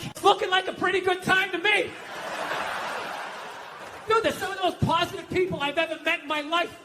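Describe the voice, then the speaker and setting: Loud ranting man doing stand-up. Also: a little fast, pauses often, slight background noise. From United States. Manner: loud, ranting, profane, swings between shouting and low muttering. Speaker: stand-up comedian. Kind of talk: stand-up comedy set.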